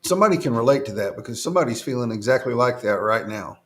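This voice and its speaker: A man's voice: medium pitch, expressive, fast, a bit bright. A man hosting an interview, supportive and affirming in casual talk. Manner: supportive, lots of murmured agreement. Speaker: podcast host.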